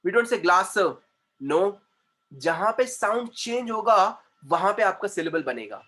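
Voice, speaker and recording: Male trainer, high voice, repeats and stretches syllables for a class. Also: very animated, a bit bright. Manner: repetitive, drawn-out spelling of syllables, mixes in Hindi. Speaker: communication trainer. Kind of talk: classroom grammar lesson.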